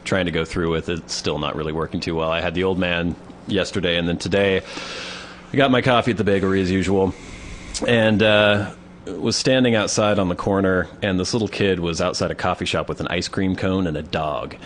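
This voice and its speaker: A man's voice: deep voice, steady tone, fairly quick, a little hiss or hum. A man co-hosting a podcast, telling rambling, wry anecdotes in casual comedic chat. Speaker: podcast co-host.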